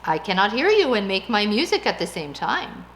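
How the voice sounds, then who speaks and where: A woman voicing a cheerful male cricket who can't hear well, asking drawn-out, puzzled questions. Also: mid-range voice, very animated, a bit bright, reverberant, a little hiss or hum.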